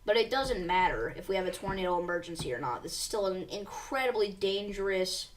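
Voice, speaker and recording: A woman calls a live tornado outbreak for her stream, urgent and direct as she reads warnings aloud and talks to viewers. Her voice sits at an ordinary pitch and sounds a little distant from the mic. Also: expressive, brisk, background noise. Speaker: severe weather livestream host. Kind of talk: live storm coverage commentary.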